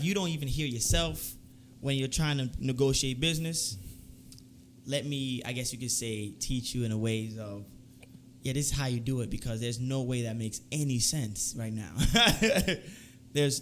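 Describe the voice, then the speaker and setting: A man's voice: medium pitch, a bit bright, a little hiss or hum. A man co-hosting a casual podcast, talking in an easygoing, hesitant way full of fillers. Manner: easygoing, hesitant, lots of fillers like "you know" and "I guess". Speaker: podcast co-host.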